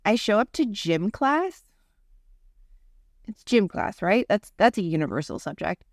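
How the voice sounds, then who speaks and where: A woman's voice: mid-range voice, very animated, a little slow, no room sound, clean studio sound. A woman in her twenties, co-hosting a podcast, telling funny school stories in casual chat, acting out quotes and swearing casually. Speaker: podcast co-host.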